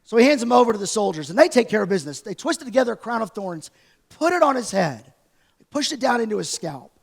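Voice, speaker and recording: A man preaching a sermon, his voice pitched high for a man with a gravelly, crackly edge. He talks casually and tells the story with lively asides, like someone chatting with his congregation. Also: fast talker. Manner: conversational, animated storytelling preacher. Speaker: pastor. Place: church sanctuary.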